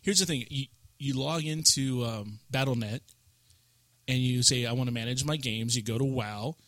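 Bright-voiced man chatting on a podcast. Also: medium pitch, moderate pace, no echo. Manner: chatty, rambling gamer talk. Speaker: podcast co-host. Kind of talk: casual chat. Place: podcast studio.

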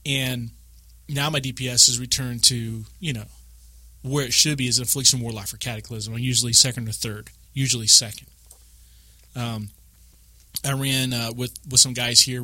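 A man co-hosting a casual podcast chat about a video game, rambling through animated stories full of acted-out quotes. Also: medium pitch, moderate pace, no echo. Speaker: podcast co-host.

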